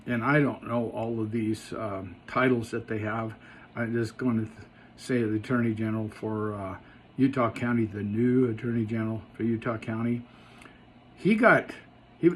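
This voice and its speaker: A man talks through a casual vlog update at a middle pitch, stopping and restarting often and leaning hard on key points. A faint hiss of noise sits under his voice. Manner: halting, many fillers and restarts, emphatic at times. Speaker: vlogger giving an update.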